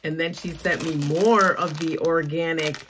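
A young adult woman vlogging as she opens a mail package, gushing with excited exclamations. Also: deep voice, a little slow, noisy background. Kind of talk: casual unboxing vlog.

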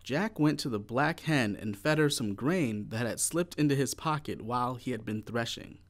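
A man reading a children's picture book aloud in a slow, clear, expressive way. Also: mid-range voice. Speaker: storybook reader.

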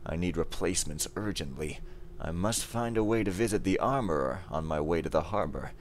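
An actor playing a weary, dry-witted master thief, narrating a game cutscene in a measured, sardonic first-person tone. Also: male voice, deep voice, expressive, slight background noise.

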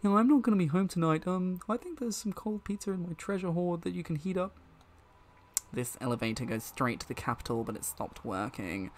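A man voicing a laid-back male dragon monster with a low-key, mumbling delivery. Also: expressive, brisk, a little hiss or hum. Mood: mellow.

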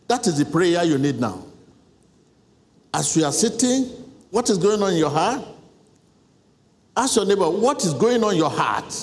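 A man preaches to a congregation in a large church hall, his high voice swinging widely as he repeats short prayer lines. The sound carries a long reverb with faint noise behind it. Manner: emphatic, repetitive call-and-response preaching. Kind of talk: church sermon.

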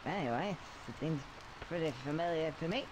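A man's voice: fairly high pitch, animated, brisk, heavy background noise, close to an everyday voice. An actor playing a cheeky young male squirrel who rambles through a story and mumbles groggily after drinking, in a video game. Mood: tipsy. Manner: chatty storyteller, slurring and groggy when drunk. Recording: game audio with music behind.

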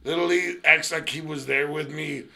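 A man's voice: a little high, steady tone, fairly quick, vocal fry, a crowd in the background. A man from New Mexico, a podcast guest, trading jokes and swearing stories with the host. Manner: joking, swearing storyteller. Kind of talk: casual chat.

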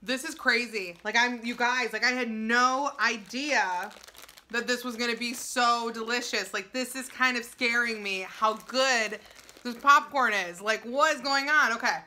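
Vlogger type: young woman, bright and gushing, a little high, snack bags crinkling. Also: unhurried. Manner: gushing, excitable, filler-heavy. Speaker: YouTuber. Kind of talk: casual food-tasting vlog.

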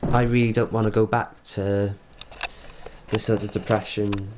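Welsh man, video diary, earnest and reflective, lowish voice, faint background hum. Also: level tone. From Wales. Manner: earnest, reflective, halting with restarts. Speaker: vlogger.

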